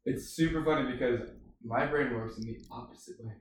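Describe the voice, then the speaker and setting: A man's voice: medium pitch, fairly quick. A man in casual chat with friends, laid-back and teasing. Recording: very echoey room, distant from the mic, faint noise.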